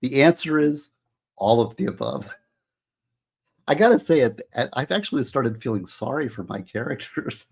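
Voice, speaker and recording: A man with a somewhat husky, mid-pitched voice talks casually to his livestream audience. He muses aloud, asks the chat what they think, and weighs their answers as he goes. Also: expressive, moderate pace. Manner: musing aloud, asking chat for opinions. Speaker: author hosting a livestream.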